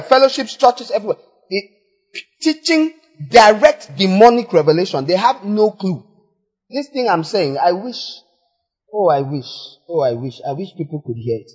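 A man preaches in a husky voice, his pitch leaping about as he swings from soft asides to sudden loud exclamations. A long church-hall reverb hangs on every phrase, and the sound is slightly dull. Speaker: pastor. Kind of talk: sermon.

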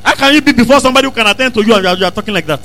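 A male preacher delivers a sermon in a strikingly high, bright voice. He drives points home by repeating lines and rising into shouts. The delivery is fervent and insistent. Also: rapid-fire, low-quality recording. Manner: emphatic preaching, repeats phrases, bursts into shouts. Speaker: pastor.

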